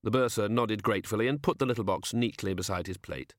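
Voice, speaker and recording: A man narrating a comic fantasy audiobook in a lively, expressive reading. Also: lowish voice, quick pace, no echo, studio quality. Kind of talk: scripted narration.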